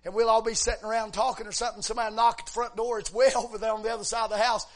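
A man preaching a sermon, moving between relaxed storytelling and shouted, drawn-out exhortation, dropping in frequent amens. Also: sits high.

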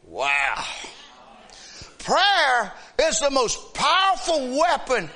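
A middle-aged man preaching an impassioned sermon, shouting out lines and then dropping to soft, slow speech. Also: extremely high pitch, wildly swooping pitch.

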